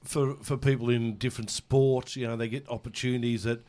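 A man's voice: medium pitch, level tone, a little fast, darkish tone. A man hosting a podcast, making encouraging, reflective remarks to his guest. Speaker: podcast host. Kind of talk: casual chat.

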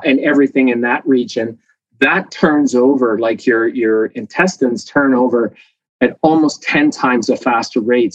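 Guy professor rambling along lively with lots of "you know", mid pitch, kinda lo-fi. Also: no echo. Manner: lively, chatty explainer with frequent fillers. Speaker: professor and guest expert. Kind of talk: casual interview talk. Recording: dull dry lo-fi sound.

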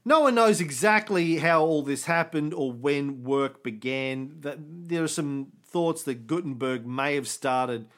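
A man hosting a casual history podcast, explaining events with quick jokes and the odd swear word. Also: fairly high pitch. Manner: jokey, swears, quick asides. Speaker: podcast host.

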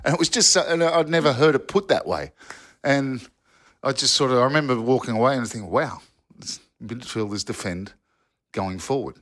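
A former footballer telling old yarns in a casual podcast chat, rambling with restarts and asides. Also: male voice, medium pitch, lively intonation, fast, fairly bright tone. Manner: rambling storyteller with restarts and "you know". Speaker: football pundit, former player.

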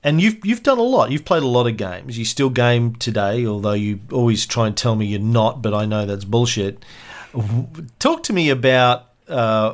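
Male podcast host, conversational storyteller, quick and loose delivery. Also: medium pitch. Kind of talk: casual podcast chat.

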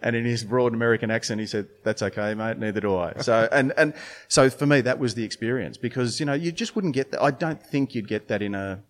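A man's voice: mid-range voice, fast talker, few pauses. A middle-aged man, a brewer and beer judge, telling stories in a casual interview with lots of restarts and fillers. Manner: rambling storytelling with many restarts and fillers.

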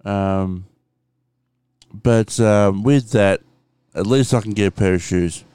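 An Australian man rambling casually in a home vlog, slow and full of ums, swearing freely. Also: on the low side, dark tone, smooth, no echo. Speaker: vlogger. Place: room at home with window open.

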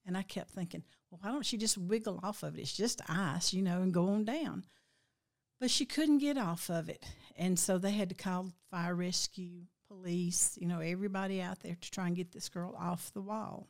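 Older woman, heartfelt and reflective. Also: fairly low pitch. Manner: heartfelt, slow and reflective, voice breaking with emotion at times. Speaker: guest recounting a dream. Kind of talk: emotional personal storytelling.

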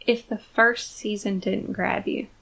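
A woman chatting on a casual podcast, blunt and quick with her asides. She swears easily in a relaxed, conversational way. Her voice has a middle pitch. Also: creaky. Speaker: podcast co-host. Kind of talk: casual fan podcast chat.

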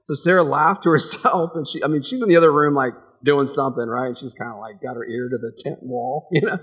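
A man's voice: medium pitch, brisk, fairly bright tone, slightly rough. A man in his forties preaching a casual, conversational sermon, laughing often and acting out the people in the story. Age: 40s. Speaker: pastor.

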